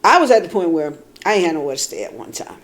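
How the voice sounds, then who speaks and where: A woman vlogging in casual talk, rambling and animated, dropping from quiet and low to loud outbursts, swearing freely. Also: fast talker. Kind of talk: casual storytelling.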